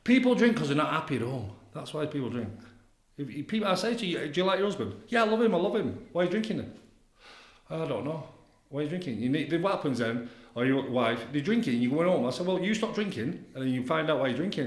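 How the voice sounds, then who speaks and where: Fast-talking blunt man, roomy sound. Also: on the high side, animated. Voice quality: blunt, repetitive, leans on tag questions. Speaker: addiction counsellor guest. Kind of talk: casual podcast interview. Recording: roomy echoey room.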